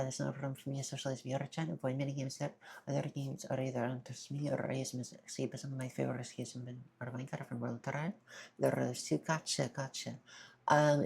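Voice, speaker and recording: A shy woman streamer chats casually with her viewers, stammering softly. Her voice sits very low with a gravelly fry and a dark, mellow color. The whole delivery is gentle and hesitant. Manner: soft-spoken, shy, stammering.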